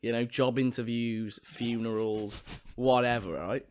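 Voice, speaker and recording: A man's voice: medium pitch, fairly even intonation, a little slow, a little mellow, clear, resonant tone. A young man hosting a podcast, casually telling a rambling anecdote full of fillers. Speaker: podcast host. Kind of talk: casual storytelling chat.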